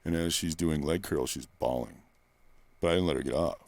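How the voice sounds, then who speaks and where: This male personal trainer's voice is extremely low in pitch, and he talks a little fast. In a candid interview he tells rambling stories in blunt, profane language, recorded dry and close to the microphone in a quiet room.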